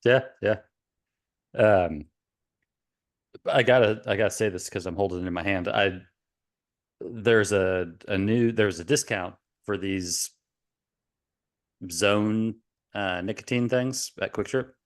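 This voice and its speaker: A man with a fairly low voice, co-hosting a relaxed podcast. He rambles and hesitates, circling back on his words as he thinks out loud. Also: slow pace, pauses often. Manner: rambling, hesitant, lots of fillers and restarts. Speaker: podcast co-host. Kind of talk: casual chat.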